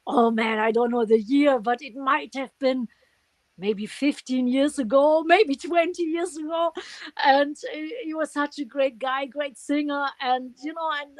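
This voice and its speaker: High-voiced woman with German accent. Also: dry recording. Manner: warm, gushing, laughs often. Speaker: guest musician. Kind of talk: casual interview.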